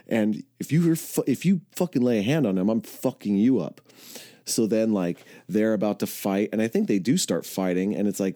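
Low mellow-voiced man telling a rambling story. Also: normal speed, dry recording, clean studio sound. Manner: rambling, swears a lot, self-corrects mid-sentence; acts out quoted voices, jumping loud and high for his own retorts. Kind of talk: casual profane storytelling.

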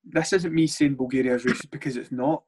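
A man's voice: medium pitch, fairly even intonation, quick pace, a little mellow, slightly rough. A Scottish man, a former footballer, talking bluntly in a casual podcast chat, rambling and swearing freely. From Scotland.

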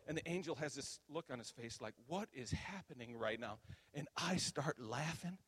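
Older man, pastor preaching, animated storytelling, mid-pitched voice, long hall reverb. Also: a little fast. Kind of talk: sermon storytelling.

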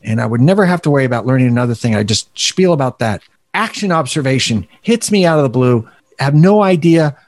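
A man co-hosting a podcast, recorded dry and close with no room sound. He talks in a relaxed, chatty way, with a self-deprecating streak. His pitch sits in the middle range for a man. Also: fast talker, no room sound. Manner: self-deprecating, animated, laughs at himself. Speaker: podcast co-host. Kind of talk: casual podcast conversation.

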